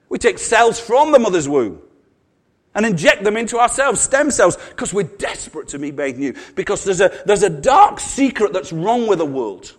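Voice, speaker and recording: A middle-aged man preaching a sermon, chatty and humorous, with wry asides. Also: high-pitched.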